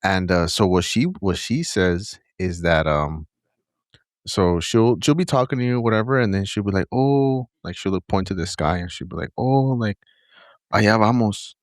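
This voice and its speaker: A man's voice: sits low, moderate pace, no echo, clean studio sound. A man telling a story in a casual, laid-back way on a podcast co-hosted over a call. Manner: relaxed, laid-back storyteller, says bro. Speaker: podcast co-host.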